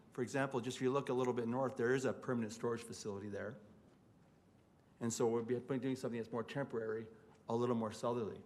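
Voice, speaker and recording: A man speaking as a city councillor, making an earnest, plain-spoken case in a formal council debate from a council chamber desk microphone. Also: mid-range voice.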